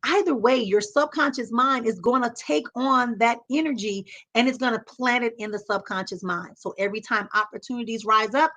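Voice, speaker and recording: A woman's voice: fairly high pitch, moderate pace, few pauses, a bit bright. A woman hosting a motivational talk, speaking in an emphatic, repetitive teaching cadence. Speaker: host.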